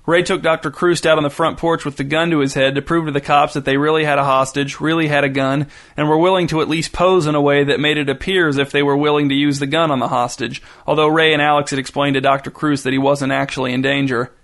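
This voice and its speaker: Deadpan male audiobook narrator. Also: a little high, fast talker, few pauses.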